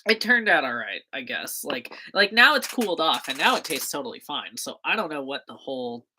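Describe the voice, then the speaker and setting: A woman with a low voice that leaps up and down a lot chats on her livestream while she works at her desk. She rambles, laughs often and keeps stopping to correct herself. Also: big pitch swings, a little fast, background noise. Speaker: livestreaming zine maker. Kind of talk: casual rambling livestream chat.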